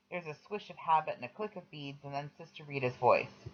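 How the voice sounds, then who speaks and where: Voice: mid-range voice, fairly quick, few pauses. Reader telling a memoir story. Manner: plain storytelling, quoting voices. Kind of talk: audiobook narration. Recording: slightly dull lo-fi recording.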